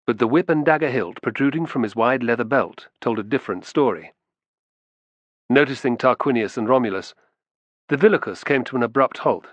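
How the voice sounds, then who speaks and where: A man reading an audiobook in steady, measured scripted narration. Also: mid-range voice, no echo.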